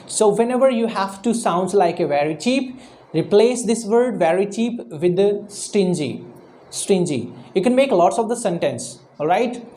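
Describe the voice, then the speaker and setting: A woman teaching vocabulary to camera, repeating each new word slowly and often checking with "all right?". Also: mid-range voice, lively intonation, warm tone. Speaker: English teacher.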